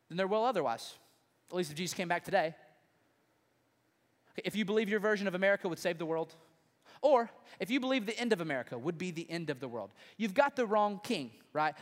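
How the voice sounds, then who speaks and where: A man preaching a sermon as pastor, emphatic and conversational, with frequent rhetorical questions, in a large church auditorium. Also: high voice. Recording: long reverb in a large hall.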